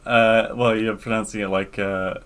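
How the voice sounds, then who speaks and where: A man with a fairly low voice bantering as a podcast co-host. His speech is loose and filler-heavy, with a teasing edge toward his partner. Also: little pitch movement, normal speed, a bit bright, clean tone. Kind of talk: casual podcast chat.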